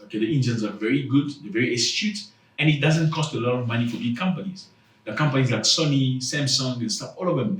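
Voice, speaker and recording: A man hosting a commentary vlog, chatty and joking, who speaks to his viewers as fellas. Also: mid-range voice. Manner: chatty, animated, jokey, addresses viewers as fellas. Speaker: channel host. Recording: roomy, distant mic.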